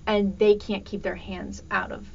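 A woman's voice: mid-range voice, level tone, normal speed, creaky. Chatty host woman, lo-fi sound. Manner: chatty, laughs easily, asks questions. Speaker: podcast host. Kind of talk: casual podcast conversation. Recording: dull lo-fi audio with faint noise.

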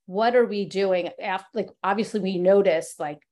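A woman's voice: mid-range voice, moderate pace, warm tone. A woman hosting a casual podcast interview, asking long, searching questions full of fillers and backchannels. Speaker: podcast host.

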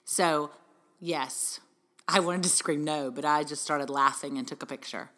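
A woman's voice: low-pitched, fairly even intonation, a little slow, pushed and bright. A middle-aged woman hosting a motivational parenting talk, earnest and encouraging, asking many rhetorical questions. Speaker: podcast host and parenting speaker. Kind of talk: heartfelt motivational talk to mothers.

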